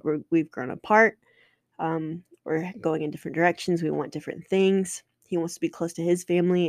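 A woman's voice: sits low, no room sound, clean studio sound. A woman in her twenties, a podcast host telling a personal story candidly and emotionally, swearing and restarting often.

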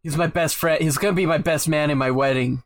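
A man's voice: fairly high pitch, steady tone, fast talker, dry recording, clean studio sound. A man co-hosting a podcast in casual chat, wry and sarcastic, laughing often. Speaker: podcast co-host.

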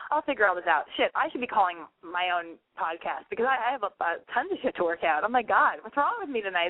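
A woman hosting a call-in advice podcast, blunt and excitable, swearing freely as she talks callers through their problems. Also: mid-range voice, dry recording. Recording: phone-like narrow sound, dry.

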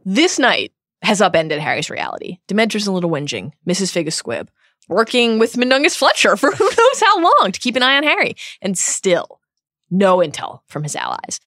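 A woman's voice: mid-range voice, wildly swooping pitch, normal speed, fairly bright tone, no room sound, clean studio sound. A woman co-hosting a podcast, retelling a book with energy and adding wry asides. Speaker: podcast co-host.

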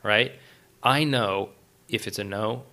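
A middle-aged man, a writer and director, talking casually as a podcast guest, animated, with many fillers and restarts. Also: fairly low pitch, slow pace. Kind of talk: casual interview talk.

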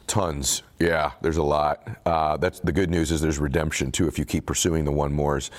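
A man with a low, deep voice speaks candidly in a relaxed conversational interview. He tells a personal story earnestly, turning reflective and emotional as he goes. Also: normal speed. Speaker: author being interviewed.

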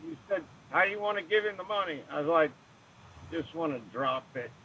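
A man's voice: on the high side, lively intonation, fairly quick, sharp tone, lo-fi sound, slight background noise. A man in casual chat, easily recalling a shared memory from a film shoot.

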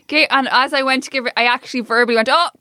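High, bright woman chatting. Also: steady tone, dry recording. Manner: chatty, rambling, quick to laugh. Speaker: podcast co-host. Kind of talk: casual chat.

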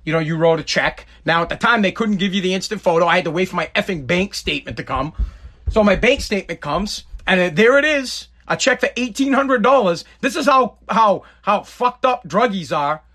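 A man telling a personal story in a blunt, profane, animated way. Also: sits high, fairly quick.

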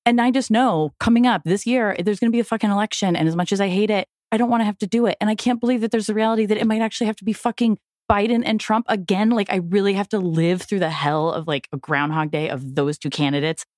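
A woman's voice: mid-range voice, steady tone, fast talker, hardly any pauses, a little mellow, no room sound, clean studio sound. A woman co-host venting in casual chat, frank and exasperated, swearing freely. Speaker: podcast co-host.

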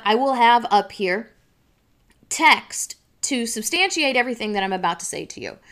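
A woman's voice: on the high side, a bit bright. A woman hosting a show, telling an exasperated, emphatic story and then explaining a legal argument. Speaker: show host.

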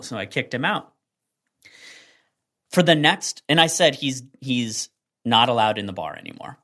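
A man of ordinary pitch spins a long, winding anecdote on a casual podcast. He talks loosely and animatedly, stacking fillers as he goes. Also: normal speed. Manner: rambling, animated storytelling with many fillers. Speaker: podcast co-host. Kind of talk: casual storytelling chat.

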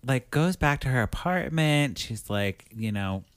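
A man's voice: mid-range voice, expressive, measured pace, clear, resonant tone, no echo. A man co-hosting a podcast, recapping a movie in casual chat, rambling and acting out the characters' lines. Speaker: podcast co-host.

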